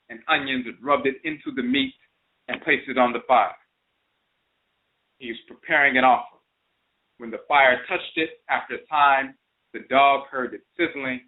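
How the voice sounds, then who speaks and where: A male host telling a folktale and explaining words, repeating each one for emphasis. His voice sits at an average male pitch. It comes through thin and narrow, like a phone call on internet radio. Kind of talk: storytelling and explaining terms.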